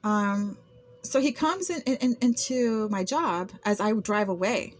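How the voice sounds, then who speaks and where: A woman's voice: mid-range voice, measured pace. A woman talking to camera in an unscripted vlog monologue, aggrieved and often repeating words and restarting. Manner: aggrieved, with frequent word repetitions and restarts. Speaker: vlogger recounting personal experiences.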